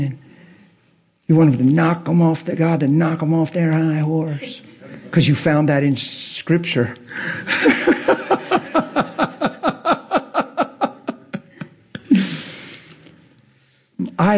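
Male preacher, husky and fairly high, lively testimony storyteller who laughs often. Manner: animated storytelling, wide swings from hushed to loud; laughs through his words. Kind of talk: testimony sermon.

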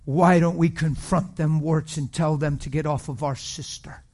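A man preaching a sermon as pastor, passionate, swinging from hushed storytelling to loud exclamations. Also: a little high, fairly even intonation, moderate pace.

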